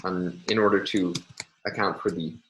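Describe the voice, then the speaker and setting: Guy with a really low voice doing a recorded lecture, lots of ums, slow and explanatory. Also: fairly even intonation, dull audio, a little hiss or hum. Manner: measured, explanatory, many ums and uhs.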